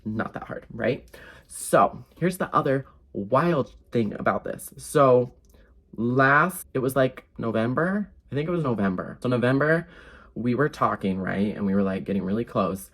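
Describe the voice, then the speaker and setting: A young man vlogging a casual storytime, animated and sarcastic, with lots of fillers. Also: medium pitch, unhurried, breathy edge.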